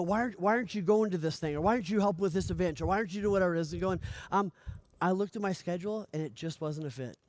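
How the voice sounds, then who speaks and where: A man giving a motivational coaching speech, energetic, often asking "right?" and acting out little dialogues. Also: high-pitched, no room sound. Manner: energetic, repeats "right?" often, stammers on restarts; acts out dialogue in lively voices. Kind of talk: motivational talk.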